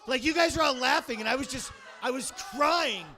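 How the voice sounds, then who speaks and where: Brash, high-voiced stand-up comic. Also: male voice, fairly quick, sharp tone. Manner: rambling, crude, crowd-baiting, full of fillers. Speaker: stand-up comedian. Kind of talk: stand-up comedy set. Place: comedy club.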